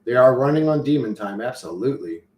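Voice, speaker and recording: A man's voice: medium pitch, expressive, fast talker, a little mellow, a little hiss or hum. A man hosting a stream, telling a rambling story in loose, profane street slang with many restarts and reading out chat comments. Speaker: livestream host reading chat. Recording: roomy echo.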